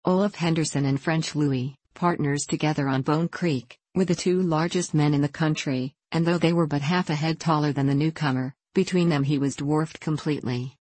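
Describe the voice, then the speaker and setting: Audiobook narrator, woman, low voice, dry close sound, steady measured read. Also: no room sound. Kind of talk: scripted narration.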